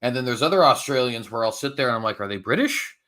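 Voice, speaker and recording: A male host with a bright, forward voice at a middle pitch. He chats casually and fires off quick asides, sometimes speeding up as he talks. He sounds like the regular host of a relaxed online show. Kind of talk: casual panel chat.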